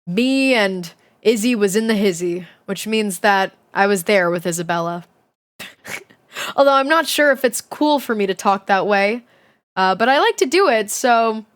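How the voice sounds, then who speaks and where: A young woman streamer reading a children's book aloud, chatty and giggly, breaking off to comment and swear casually. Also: medium pitch. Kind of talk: casual livestream reading and chat.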